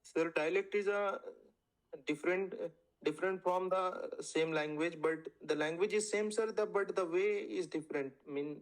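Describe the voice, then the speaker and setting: A man's voice: sits high, normal speed, poor audio. A young man answering his teacher in class, hesitant and often saying sir. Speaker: student. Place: lecture classroom.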